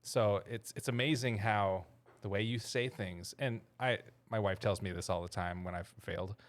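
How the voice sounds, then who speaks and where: Man, lowish voice, sarcastic, dry humor, casual podcast chat. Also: moderate pace. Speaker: podcast co-host.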